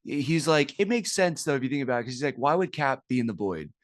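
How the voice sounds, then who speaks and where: A man's voice: mid-range voice, animated, quick pace, no room sound, clean studio sound. A man co-hosting a podcast, talking casually about a movie and rambling through fillers and restarts. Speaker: podcast co-host.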